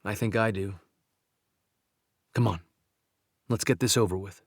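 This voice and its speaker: A man voicing a calm male country doctor in an audiobook, speaking gently and steadily. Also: on the low side, unhurried, dry recording, clean studio sound. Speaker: audiobook narrator. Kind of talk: audiobook dialogue reading.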